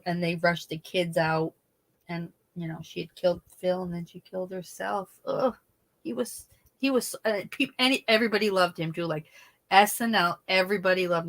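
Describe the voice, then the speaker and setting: Woman gabbing on a livestream, lively, laughs a lot, drops soft sometimes. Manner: chatty, animated, laughs often, trails off into sad lows. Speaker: livestream host. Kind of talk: casual livestream chat.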